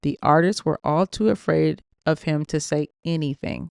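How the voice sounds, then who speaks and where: A woman reads an audiobook earnestly and sometimes stops to react openly. Her voice is warm, mellow and resonant, recorded close and dry. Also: deep voice, normal speed, creaky, clean tone, no room sound. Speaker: audiobook narrator. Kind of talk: audiobook reading with asides.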